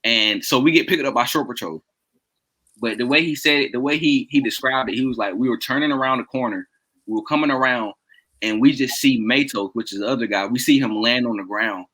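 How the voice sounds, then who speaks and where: A man's voice: medium pitch, a little fast, rough recording. A man casually telling a long story to his friends, laughing often and acting out what people said. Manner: animated, laughs often, acts out quoted dialogue. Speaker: podcast co-host telling a story.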